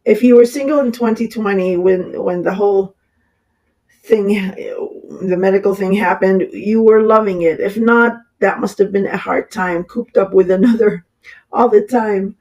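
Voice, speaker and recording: Raspy-voiced astrologer with a cold. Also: mid-range voice, fairly even intonation, measured pace, darkish tone, low-quality recording. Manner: rambling, with many fillers and restarts; apologetic. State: has a cold. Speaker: astrologer giving horoscopes. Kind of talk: casual horoscope reading.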